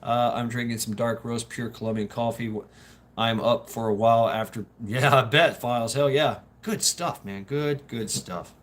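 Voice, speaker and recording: A man's voice: medium pitch, fairly even intonation, moderate pace, fairly bright tone. Rambling, cursing Southern man. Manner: rambling, profane, laughs often. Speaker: livestream host. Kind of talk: casual livestream chat.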